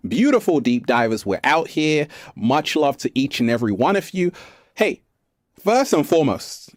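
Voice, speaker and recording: A man from England talking casually to camera from an art gallery, playful and animated, stretching out his words. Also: mid-range voice, no room sound, clean studio sound. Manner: animated, playful, slow drawn-out phrases, fond addresses to viewers. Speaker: vlogger and self-help speaker. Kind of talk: casual spiritual talk to camera.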